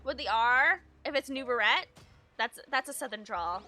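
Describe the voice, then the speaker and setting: A woman's voice: a little high, animated, normal speed, sharp tone, soft background music. A woman streaming a game, reading its text aloud and adding chatty, musing asides in casual commentary.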